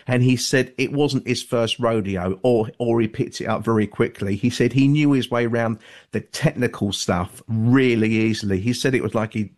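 A man talks as a guest author on a call-in radio show. He speaks in a measured, careful way, hedging often and filling pauses with ums and uhs. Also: medium pitch. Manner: measured, hedging, many fillers.

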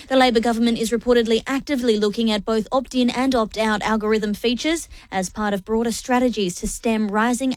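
A woman reads the news in a crisp, measured newsreader style. Her voice sits a touch high and is recorded close and dry in a studio booth. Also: no room sound. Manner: brisk, even newsreader delivery. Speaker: news presenter. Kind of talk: scripted news reading.

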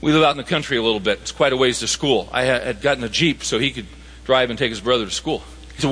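A man's voice: mid-range voice, fast talker, fairly bright tone, breathy edge, long reverb tail. A man preaching a sermon, reading scripture and telling stories with emphatic quoted dialogue.

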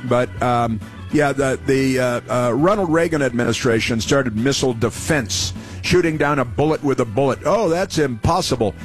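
A man's voice: mid-range voice, moderate pace, soft background music. A middle-aged man hosting a call-in radio talk show, rambling and chatty with many restarts and fillers.

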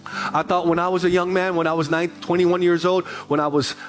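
Animated storytelling male pastor. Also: sits high, fairly quick, soft background music. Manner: animated storytelling, repeats phrases for emphasis. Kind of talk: sermon.

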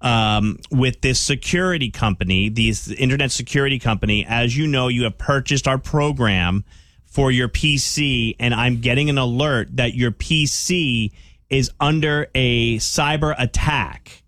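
Man putting on a thick-accented phone scammer, slow and overly courteous, a little lower than his own voice. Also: fairly bright tone, no echo, close to an everyday voice. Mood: polite. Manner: slow, measured, overly polite.

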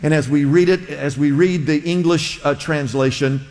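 A man's voice: on the high side, steady tone, normal speed, a little mellow. A man preaching a sermon, teaching his congregation and calling on them to repeat words after him. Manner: teaching, engages congregation with call-and-response; many fillers and restarts, emphatic rises. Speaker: pastor. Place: church sanctuary. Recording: long reverb of a hall.

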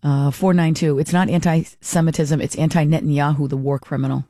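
A woman's voice: deep voice, steady tone, a little fast, dark tone, no echo, studio quality. Blunt woman talk radio host. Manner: blunt, opinionated, talks back to texters. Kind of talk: talk radio, reading listener texts.

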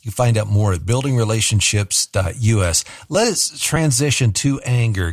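A man hosting a radio interview, introducing guests and asking questions in a calm, measured way. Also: mid-range voice, no echo, studio quality. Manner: calm, measured, guiding the talk. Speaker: radio show host.

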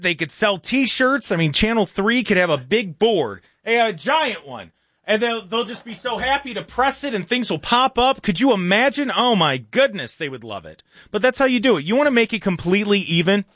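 Host with a light, high-pitched voice, sarcastic radio rant, close dry mic. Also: male voice, fairly bright tone, no echo. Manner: sarcastic, mocking with slow sing-song asides. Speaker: radio talk show host. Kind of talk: opinionated call-in radio monologue.

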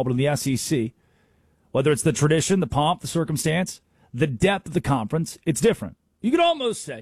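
A man's voice: medium pitch, darkish tone, slightly rough, no echo, clean studio sound. A man hosting a sports talk radio show, arguing his points emphatically with rhetorical questions. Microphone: studio microphone.

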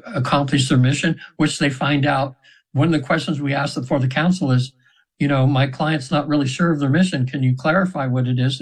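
A man in his seventies, a spiritual practitioner, is interviewed casually on the radio and tells a long story at medium pitch. He's earnest but rambling, with many fillers and restarts, and the recording quality is low.

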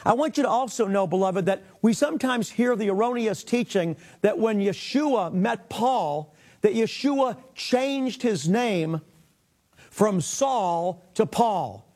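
A man's voice: high-pitched, lively intonation, takes it slowly, darkish tone. A man teaching a sermon, reading scripture aloud and explaining it with earnest emphasis. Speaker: rabbi and Bible teacher.

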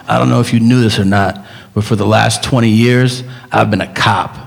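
A male comedian impersonating a smug action star, low, deadpan and matter-of-fact. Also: normal speed, creaky. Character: self-styled expert action star, flat and smug.

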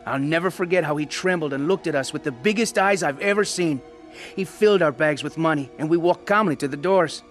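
A man's voice: sits high, close to an everyday voice. An actor playing a blunt, streetwise young ex-gang member who narrates his own story in a radio drama.

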